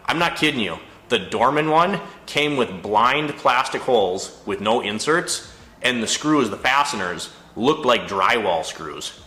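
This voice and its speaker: Exasperated mechanic with a bright voice. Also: male voice, medium pitch, a little slow, echoey room. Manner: exasperated, storytelling, animated retelling. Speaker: auto mechanic and shop owner. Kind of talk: casual ranting monologue.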